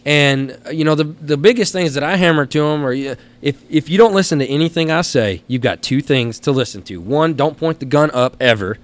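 A Texan man telling stories as a guest on a studio podcast, animated and blunt, laughing through his tales and cursing casually. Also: fairly high pitch, brisk, hardly any pauses. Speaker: guest, helicopter hunting outfitter.

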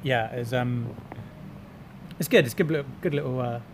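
A man's voice: medium pitch, normal speed, a little hiss or hum. Rambling man in casual chat. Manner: rambling, filler-heavy, drops into mock-boastful asides.

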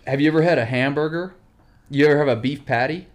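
Young man, podcast guest, profane and animated storyteller. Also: fairly high pitch, fast talker. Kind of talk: casual chat.

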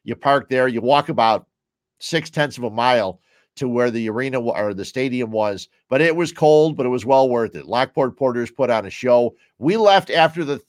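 Man, chicago-area american accent, casual rambling host, medium pitch, dry close sound. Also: expressive, moderate pace, no echo. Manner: rambling, chatty, drifts between topics. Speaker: podcast host. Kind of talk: casual solo chat while drinking beer.

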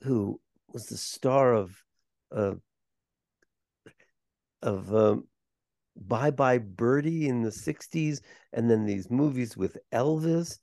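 Speaking slowly with vocal fry and frequent pauses, an older performer and voice coach warmly and animatedly shares stories on an interview podcast. His voice is mid-range, and the clean studio sound has no room tone.

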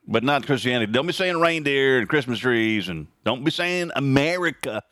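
Animated sarcastic man, dry close sound. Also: moderate pace, hardly any pauses, no echo. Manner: animated, sarcastic, jumps high in pitch for emphasis. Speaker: podcast host. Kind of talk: casual opinion monologue. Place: at home.

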